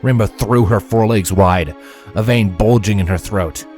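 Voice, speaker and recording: A man reading a story aloud in an expressive storybook narration style. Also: fairly low pitch, moderate pace, faint music behind. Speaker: fanfiction reader.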